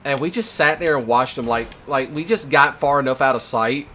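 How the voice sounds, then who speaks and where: A man hosting a casual chat, telling stories in an animated way, laughing often and swearing freely. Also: mid-range voice, normal speed, slight background noise. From Mississippi. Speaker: host.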